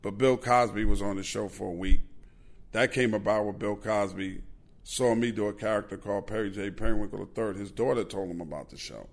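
A man, hosting a podcast and telling animated, profane anecdotes in a casual way. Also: on the low side, a little fast, creaky. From Queens, New York. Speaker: podcast host. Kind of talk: casual storytelling.

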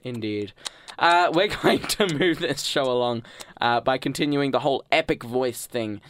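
A man's voice: mid-range voice, fairly bright tone. A young man, co-hosting a radio show in casual, goofy, rambling banter. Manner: goofy, rambling, quick bursts of speech. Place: small radio studio.

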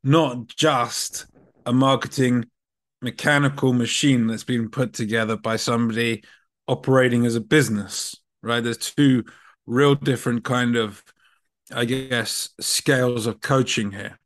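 Podcast host guy, mid pitch, thinks out loud, lots of "like" and "you know". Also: fairly even intonation, a little slow. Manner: reflective, affirming, many fillers. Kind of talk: casual podcast conversation.

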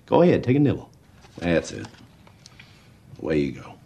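An actor playing a folksy, cheerful American football coach in a TV comedy, friendly and drawn-out in his talk. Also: low voice, wildly swooping pitch, vocal fry, background noise, exaggerated voice. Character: folksy upbeat American football coach, man, middle-aged. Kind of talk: TV comedy dialogue.

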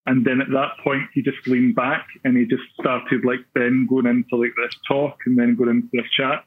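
A young Glaswegian man from Scotland, with a mid-range, breathy-edged voice, little pitch movement and normal speed, tells a long story as a podcast guest. He's casual, full of fillers and self-deprecating asides, and the line sounds tinny and phone-like.

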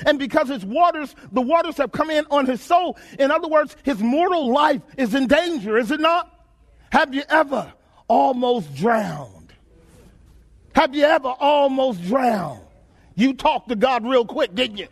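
A man preaching a sermon, asking rhetorical questions, repeating phrases and swinging between shouts and low murmurs. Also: animated, normal speed.

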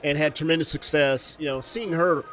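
A man hosting a podcast, slightly higher-pitched than most, telling a story in a casual, animated way. He laughs often and restarts his sentences as he goes. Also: moderate pace. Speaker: podcast host. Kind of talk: casual conversation.

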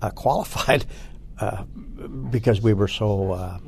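An older man, a former Marine recruit, recalling boot camp in an interview with halting speech and many restarts. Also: fairly low pitch, creaky, a little mellow. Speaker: Marine Corps veteran interviewee. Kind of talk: oral history interview.

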